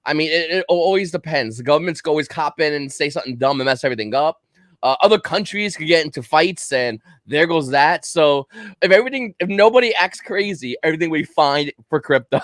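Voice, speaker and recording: A man telling a story in casual chat on a livestream, acting out the quotes in an animated way. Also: fairly high pitch, dry recording, clean studio sound. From Kentucky. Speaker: livestream guest.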